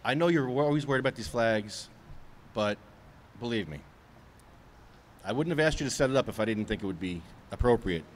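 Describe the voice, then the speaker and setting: A man's voice: mid-range voice, expressive, fairly quick, pauses often, a little hiss or hum. A man hosting a live podcast outdoors at a public event, chatting casually and teasing his co-host. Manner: joking, teasing.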